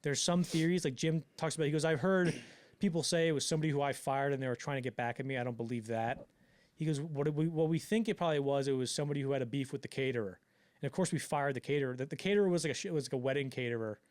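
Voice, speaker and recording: A man casually telling a wild story on a podcast, acting out the people in it with loud bursts and lots of fillers. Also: medium pitch. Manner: animated storyteller, acts out quotes with loud bursts; fast, loose, lots of fillers. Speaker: podcast co-host.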